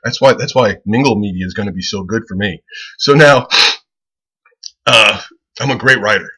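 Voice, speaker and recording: A comedian rambling casually as he pitches a website, profane and excitable, who keeps breaking into laughter at his own jokes. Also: normal speed, breathy edge, poor audio. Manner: profane, excitable, loose storytelling.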